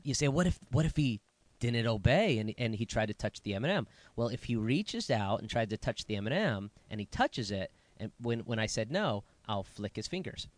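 A man co-hosting a casual chat about parenting, emphatic and animated, acting out quotes. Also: mid-range voice, no echo. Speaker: co-host, parent.

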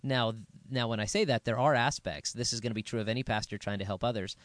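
A man's voice: medium pitch, quick pace, a bit bright, no echo. A middle-aged man, a pastor, chatting casually about books he loves, easygoing and jokey, with frequent restarts. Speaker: pastor, podcast co-host. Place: Las Vegas.

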